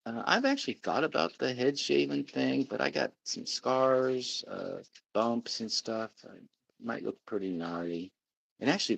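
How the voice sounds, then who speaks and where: A middle-aged man with a gravelly, low voice hosts a laid-back livestream. He rambles from one topic to the next and reads viewer comments aloud. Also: rough recording. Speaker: livestream host. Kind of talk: casual livestream chat.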